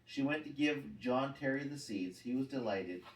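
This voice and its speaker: A man reads a children's chapter book aloud, calm and steady in his storytelling. His voice is mid-pitched and sits back from the mic in a roomy space. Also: moderate pace, far from the mic.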